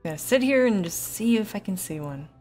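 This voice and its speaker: A woman streaming a game, chatting away in an animated, storytelling way. She swears freely and keeps a medium pitch. Her talk stays loose and unscripted. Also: a little fast, soft background music. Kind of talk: casual gameplay commentary.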